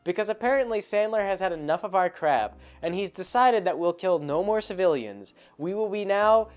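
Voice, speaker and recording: A man's voice: sits high, expressive, moderate pace, clear, resonant tone. A man hosting a podcast, telling a tabletop game story in a casual, rambling way, often breaking off and laughing. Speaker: podcast host.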